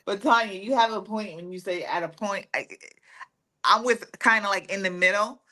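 A woman's voice: mid-range voice, normal speed, bright, forceful tone. A woman co-hosting a podcast in casual recap chat, earnestly building her argument point by point. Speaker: podcast co-host.

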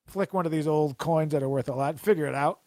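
A man's voice: on the high side, fast talker, mellow, no room sound, clean studio sound. A man co-hosting a casual chat, rambling and joking, often breaking into laughter. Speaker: podcast co-host.

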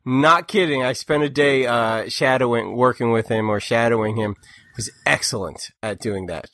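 A man co-hosting a casual political podcast, talking in an animated way and mocking people by quoting them in put-on voices. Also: mid-range voice, moderate pace, dry recording, clean studio sound. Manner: animated, mocks others in quoted voices. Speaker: podcast co-host.

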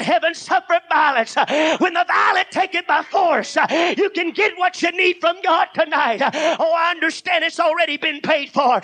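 A male preacher delivers a revival sermon in a very high, piercing voice. He shouts in rhythmic bursts, studded with "uh" between phrases. He acts out the characters in his Bible stories as he goes. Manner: shouting, hoarse-edged preaching with "uh" fillers; tells Bible stories with acted dialogue.

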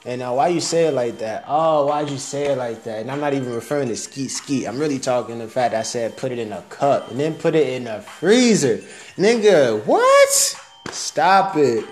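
A man's voice: medium pitch, brisk, hardly any pauses, a little mellow. A young man rambling through a casual, profane audio diary, laughing at his own jokes.

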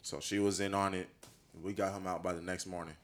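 A man's voice: low voice, fast talker. A man co-hosting a podcast, telling a story among friends with lots of laughter. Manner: animated storyteller who laughs through his lines. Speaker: podcast co-host. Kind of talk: casual chat among friends.

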